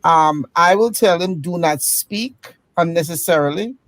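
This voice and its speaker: A woman on a casual online panel discussion, speaking in a measured way and giving practical advice. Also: fairly low pitch, dry recording, poor audio. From United States.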